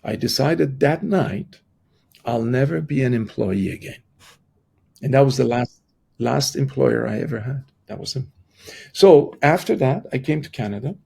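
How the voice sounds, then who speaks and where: A middle-aged man, a podcast guest, telling a personal story in conversation. He speaks haltingly with frequent restarts and acts out the people he quotes. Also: medium pitch, expressive, creaky, warm tone, husky.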